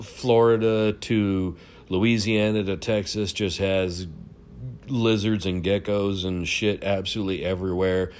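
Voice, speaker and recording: Rambling man telling a story at home. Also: sits low. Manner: rambling, many fillers and restarts; animated, swings up in excited bursts. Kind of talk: casual storytelling. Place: home room.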